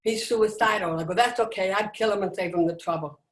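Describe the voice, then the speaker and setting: Emphatic woman telling her story, roomy sound. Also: medium pitch. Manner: emphatic, dramatic, with deliberate pauses. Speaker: motivational speaker. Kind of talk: personal storytelling talk. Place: indoors, at home on a video call. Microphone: video call microphone. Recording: roomy echo.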